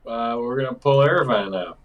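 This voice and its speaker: A man's voice: medium pitch, fairly quick, distant mic, highs cut off. A man playing a tabletop game, giving short plain replies. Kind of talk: casual game talk.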